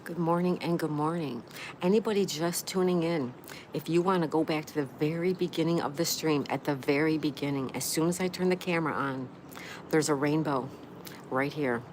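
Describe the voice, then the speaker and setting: Her voice is deep and darkish in tone, moving at a moderate pace, as this woman hosts a casual live stream with noisy ambience around her. She reads comments from viewers aloud, greets each by name and answers with gushing exclamations.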